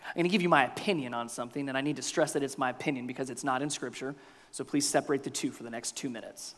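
A man preaching a sermon as pastor, swinging between loud bursts and near-whispers. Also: medium pitch, very fast, long reverb tail. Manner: animated preaching with big swings in loudness, dropping to near-whispers.

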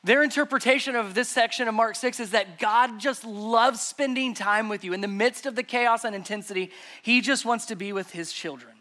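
A man's voice: very high-pitched, normal speed, pushed and bright. A man preaching a sermon to a congregation in an emphatic, conversational way. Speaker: pastor. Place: church service before a congregation.

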